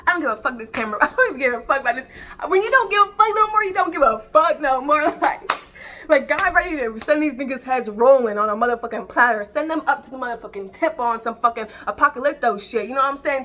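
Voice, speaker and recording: A woman's voice: sits high, sharp tone. A woman who calls herself a psychic medium, ranting to camera in a heated, profane, rambling way with many restarts. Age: adult with children. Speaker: self-described psychic medium. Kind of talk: unscripted rant to camera.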